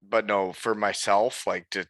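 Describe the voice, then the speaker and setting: A man in his forties hosting a podcast, chatting casually over a remote call in a relaxed, rambling way. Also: fairly low pitch, measured pace. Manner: relaxed, rambling, with many fillers. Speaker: podcast host.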